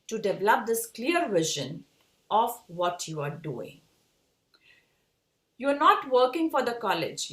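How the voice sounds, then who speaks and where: Woman, Indian English accent, design educator; lively, emphatic delivery in an echoey room. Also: a little high. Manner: earnest, emphatic, advising. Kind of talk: motivational talk to students.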